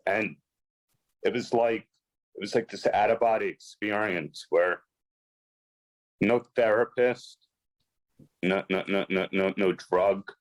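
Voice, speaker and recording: A man's voice: lowish voice, slow pace, long pauses, no room sound, rough recording. A man, a podcast guest, earnestly telling a personal story in conversation, acting out quoted dialogue with emphasis. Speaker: podcast guest, sports and celebrity agent.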